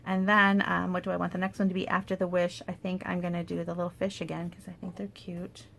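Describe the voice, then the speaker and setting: A woman demonstrating paper crafts in a casual tutorial, chatty and thinking aloud with soft asides under her breath. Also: fairly low pitch, flat delivery, fast, vocal fry, a little hiss or hum.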